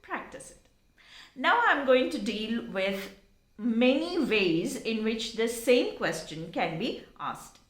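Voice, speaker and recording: A woman gives an online lesson, her voice sitting a little high and swinging widely in pitch. She talks straight to the viewer and stresses her phrases expressively. The sound carries a noticeable room echo. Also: slow pace. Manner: expressive, demonstrates intonation, addresses viewers directly. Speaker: English teacher.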